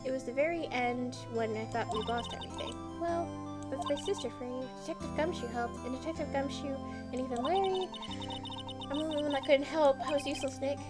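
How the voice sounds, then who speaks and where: A woman's voice: sits high, a little fast, natural voice. A woman voicing a young female spirit medium in training from a game, youthful, emotional and sincere, over background music.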